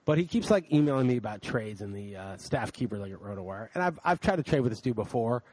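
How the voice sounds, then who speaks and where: A man's voice: medium pitch, quick pace, no echo. A man co-hosting a podcast, ranting in casual chat with lots of swearing, tired late at night. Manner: ranting, profane, animated. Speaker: podcast co-host.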